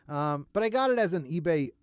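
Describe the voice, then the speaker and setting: A man with a hoarse, strained voice giving a casual, joking toy review to his viewers. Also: on the high side, expressive, normal speed, no echo, clean studio sound. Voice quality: enthusiastic, jokey, talks to the viewer. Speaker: toy collector vlogger.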